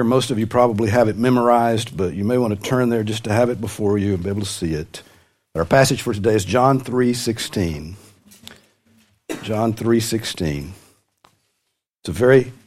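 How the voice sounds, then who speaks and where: A pastor with a mid-range, slightly mellow male voice preaches a sermon to his congregation. He mixes in light humor and lets his voice rise suddenly for emphasis.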